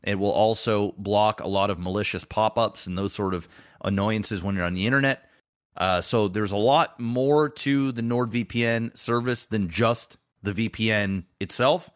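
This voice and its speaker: A man's voice: on the low side, a little slow, clear, resonant tone. A man hosting a podcast, reading an ad and chatting in a loose, crude, rambling way. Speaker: podcast host. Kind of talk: casual chat and sponsor read.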